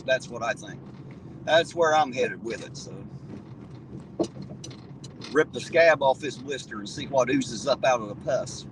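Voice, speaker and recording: Guy on a livestream, cussing and rambling, mid pitch, bit of noise behind. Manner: blunt, rambling, profane, with frequent restarts. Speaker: livestream host reading viewer comments. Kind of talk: casual livestream chat.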